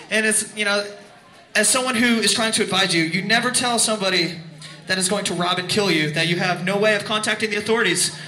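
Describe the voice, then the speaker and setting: High-voiced frontman rambling on stage. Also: bright, forceful tone. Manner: rambling, self-mocking, laughing through the story. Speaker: band frontman. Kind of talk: onstage storytelling between songs. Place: concert venue. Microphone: stage vocal mic. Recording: echoey live venue, crowd noise.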